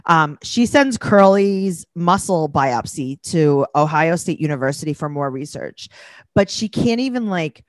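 A woman co-hosting a casual podcast, joking and sarcastic in quick back-and-forth chat. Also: low voice, lively intonation, no room sound, clean studio sound. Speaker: podcast co-host.

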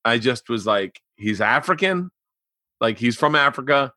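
A man hosting a podcast, telling stories in casual chat, animated with sudden loud, cursing outbursts. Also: mid-range voice, unhurried, no echo, studio quality. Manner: animated storyteller, loud outbursts, swears a lot. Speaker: podcast host.

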